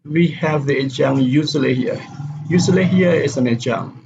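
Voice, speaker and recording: A man's voice: mid-range voice, steady tone, normal speed, creaky, background noise. A man teaching a pronunciation lecture from slides, steadily reading example sentences aloud and repeating them. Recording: dull lo-fi recording.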